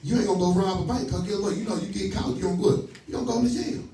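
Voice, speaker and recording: Emphatic preacher in an echoey room. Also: male voice, sits high, fast talker, dark tone, recorded from a distance, faint music behind. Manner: emphatic, stops the reader to repeat and question lines; folksy, tells stories with laughs. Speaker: teacher leading a scripture study. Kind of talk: call-and-response preaching. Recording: roomy echo, voice from off the mic.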